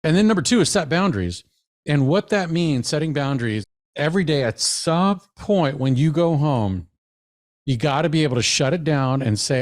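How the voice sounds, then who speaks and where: A man, a psychologist, giving a lively, conversational professional development talk to teachers, often acting out quoted voices. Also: on the high side, moderate pace.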